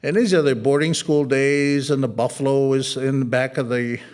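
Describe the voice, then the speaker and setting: A man's voice: mid-range voice, fairly even intonation, moderate pace, a little mellow. A middle-aged man from the United States, an artist talking casually at an art museum about his photographs, rambling and anecdotal, with frequent restarts and a joking tone. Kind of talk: casual gallery talk.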